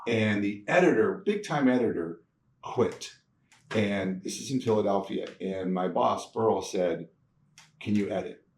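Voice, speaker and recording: A man telling stories from his career in a casual interview, animated, laughing often and acting out the people he quotes. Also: lowish voice, measured pace. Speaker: guest, TV producer. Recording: echoey room, mic at a distance, faint noise.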